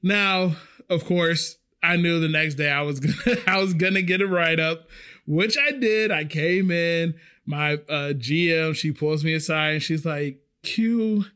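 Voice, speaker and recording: A man casually telling a story about his restaurant job, animated and swearing freely. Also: fairly high pitch, a little slow, smooth. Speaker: restaurant server.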